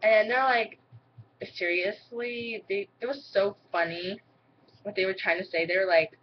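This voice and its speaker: A woman's voice: medium pitch, a little slow. Rambling teen girl on lo-fi webcam. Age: teens. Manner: rambling, filler-heavy, excitable. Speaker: vlogger. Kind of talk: casual chat to camera. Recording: dull lo-fi webcam audio with faint noise.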